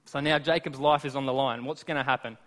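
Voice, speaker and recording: A man preaching a sermon, retelling scripture in lively everyday words with asides to the listeners. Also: mid-range voice, fast talker. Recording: long reverb of a large hall.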